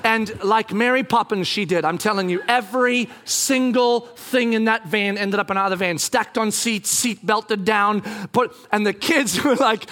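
High-voiced animated male preacher. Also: normal speed, few pauses. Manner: animated, jokey, acts out voices. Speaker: pastor. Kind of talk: sermon storytelling.

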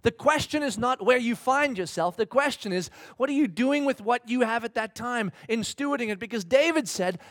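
A man's voice: very high-pitched, lively intonation, normal speed, hardly any pauses, fairly bright tone, dry recording, clean studio sound. A man preaching a sermon to a congregation, acting out little dialogues and asking questions of his listeners. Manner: dynamic preaching, acts out dialogue in mock voices, asks the congregation questions. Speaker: pastor.

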